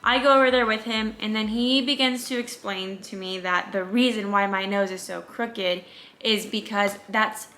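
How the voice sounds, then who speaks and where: A young woman vlogger telling her own story in a lively, indignant, casual way. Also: mid-range voice. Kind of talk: storytime vlog.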